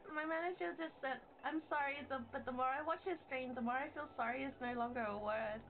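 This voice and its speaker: Excitable high-voiced woman streamer. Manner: excitable, playful, quick to shout. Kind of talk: casual stream chat. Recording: tinny phone-like audio.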